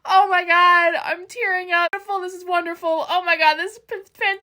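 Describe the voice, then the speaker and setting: A young woman reacting to an anime, gushing and swinging between outrage and tearful excitement, with some swearing. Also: very high-pitched, quick pace. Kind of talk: emotional reaction vlog.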